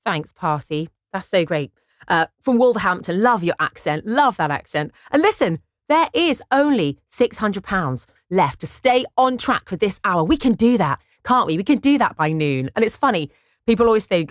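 A woman presenter on a Christian radio station, making an upbeat, persuasive appeal for donations. Her pitch sits fairly low, but her delivery swings widely up and down. The studio sound is close and dry. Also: animated, moderate pace, no room sound.

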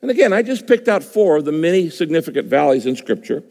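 A man's voice: fairly high pitch, big pitch swings, quick pace, darkish tone. A man preaching a sermon as a pastor, emphatic and repeating key phrases for effect. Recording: long hall reverb.

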